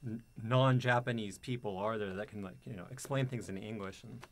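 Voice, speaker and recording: A man's voice: fairly low pitch, steady tone, brisk, a little hiss or hum. Thoughtful man hedging in casual chat. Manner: thoughtful, hedging with "like, you know". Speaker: guest on a live stream. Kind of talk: casual live-stream chat.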